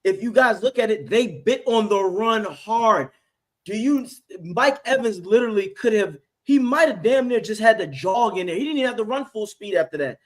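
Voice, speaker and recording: 高めの声で激しくまくし立てる男性. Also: male voice, high-pitched, lively intonation, moderate pace. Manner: fired up, profane, ranting, mocks people in put-on voices. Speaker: host. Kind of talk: heated sports reaction chat.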